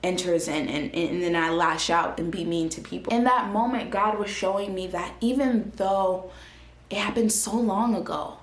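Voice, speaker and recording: A young woman giving a casual, earnest faith testimony as a vlogger, animated and chatty with many restarts. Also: mid-range voice, normal speed. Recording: roomy echo.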